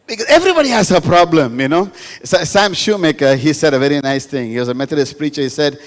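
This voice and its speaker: A man's voice: on the high side, expressive, fast talker. A male pastor, giving a humorous sermon to a live audience in a school hall, telling stories and repeating lines for emphasis. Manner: storytelling with jokes, emphatic repetition. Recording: reverberant hall.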